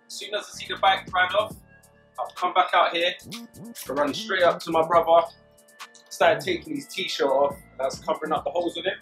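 A man's voice: a little high, fairly even intonation, normal speed, a bit bright, soft background music, rough recording. Young London man, casual walking narration. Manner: casual, pointing out places as he walks. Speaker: documentary subject.

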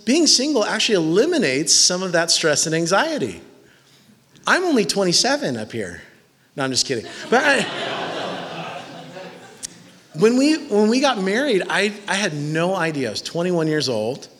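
A man's voice: high voice, big pitch swings, normal speed, a bit bright. A man in his twenties preaching a sermon in a church hall, conversational and jokey. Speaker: pastor. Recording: long reverb of a large hall.

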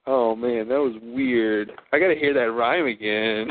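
A man from Idaho chatting casually, playful and quick to laugh, trying out accents. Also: mid-range voice, slight background noise. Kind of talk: casual chat. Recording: dry, phone-like narrow sound.

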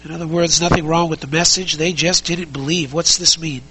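Sex: man. Style: sermon. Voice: high and bright. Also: little pitch movement, fairly quick, slightly rough, low-quality recording. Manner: conversational, full of rhetorical questions; emphatic, repeats key phrases. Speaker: pastor.

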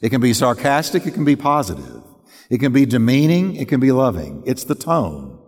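A man's voice: medium pitch, very animated, moderate pace, a little mellow. A man preaching a sermon as pastor, emphatic and dramatic, acting out examples as he goes. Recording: long reverb of a large hall.

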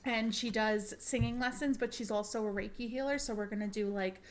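Podcast co-host: woman, Long Island accent, higher voice, chatty, laughs a lot, faint background noise. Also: fairly even intonation, fairly quick. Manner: laughs often, chatty and enthusiastic. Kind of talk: casual chat.

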